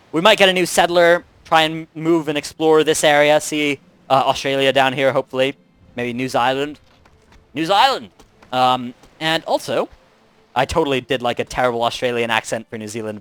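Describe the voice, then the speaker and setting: A man's voice: medium pitch, fairly even intonation, quick pace, fairly bright tone, clear, resonant tone, no room sound. A young man hosting a video game Let's Play, chatting casually with wry asides while he plays. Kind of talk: casual gameplay commentary.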